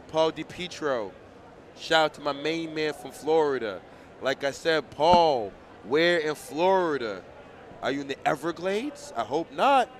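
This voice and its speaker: A man with a Boston accent giving casual, chatty live commentary at an outdoor track meet, calling out shout-outs to viewers. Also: medium pitch, slight background noise. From Boston area.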